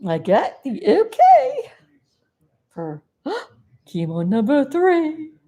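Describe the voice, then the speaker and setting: With a high voice, this vlogger from South Florida rambles folksily to the camera and chats to her dog on the side. Now and then she bursts out loudly, then apologizes sheepishly.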